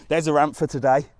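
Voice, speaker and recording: A man's voice: a little high, creaky, darkish tone, no echo. Man, live-streaming vlogger, chatty ranting manner with mild swearing, outdoors on a phone, dry sound. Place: outdoors on a resort street in light rain.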